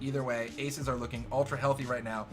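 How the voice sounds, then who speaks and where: A man hosting a poker show, giving live hand commentary in a joking, excitable way that swings from loud cheers to quiet murmurs. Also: medium pitch, quick pace. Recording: music playing behind the voice.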